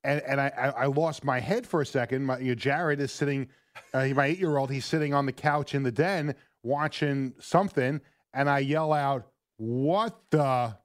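A man's voice: mid-range voice, steady tone, moderate pace. A middle-aged man co-hosting sports talk radio, telling a story in a rambling way with many restarts.

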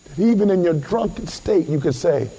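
A man preaching a sermon as pastor, impassioned, rising to shouts and calling out to the congregation. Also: high voice, animated, moderate pace, slightly rough.

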